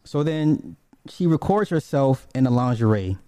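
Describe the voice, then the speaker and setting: A man's voice: medium pitch, very animated, measured pace, dark tone, no room sound. A man casually retelling a TV episode, rambling and profane, with many restarts and asides.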